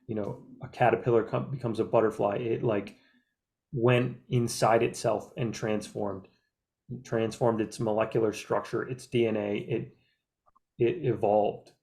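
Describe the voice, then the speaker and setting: A man's voice: on the low side, little pitch movement, a little slow, gravelly, a little mellow. Casual chat, man, earnest and rambling, lots of filler words. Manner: meandering, many filler likes; earnest, reflective. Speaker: group discussion member.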